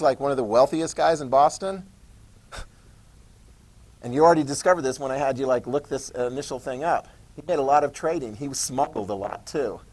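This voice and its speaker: A man's voice: medium pitch, darkish tone. A man teaching a history class in a conversational lecture style, repeating key points and checking that students follow. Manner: conversational, repetitive, checks understanding.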